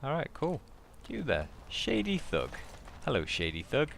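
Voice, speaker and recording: A man hosting a let's play video, excitable and joking, talking back at the game. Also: medium pitch, measured pace, vocal fry, a little hiss or hum. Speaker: gaming video host. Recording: loud game music behind. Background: game music.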